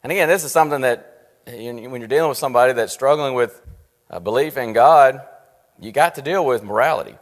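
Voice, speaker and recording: A man teaches a Bible study class in an earnest, steady voice of middle pitch. He leans on rhetorical questions and slows down to stress his key points. The sound rings with a long church-room reverb.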